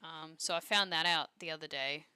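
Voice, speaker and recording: A young woman chats casually while she streams, rambling and joking at her own expense. Her voice sits a little low, yet it sounds bright. It comes through dry and close, with no room sound. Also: steady tone, normal speed, smooth, dry recording. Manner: rambling and self-deprecating, trailing off. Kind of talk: casual chat while drawing.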